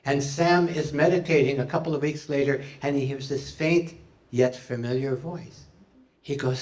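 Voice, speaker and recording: A medium-pitched man speaking at normal speed works a live stand-up audience with puns, playfulness and questions, his delivery loud and jokey. Sound comes from a far-off mic in a roomy hall.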